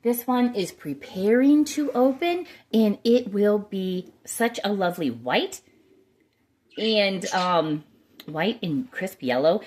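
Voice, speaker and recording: Chatty woman with a lively voice. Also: mid-range voice. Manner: chatty and enthusiastic, rambling. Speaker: orchid grower. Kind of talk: casual chat while touring plants. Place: home with plants.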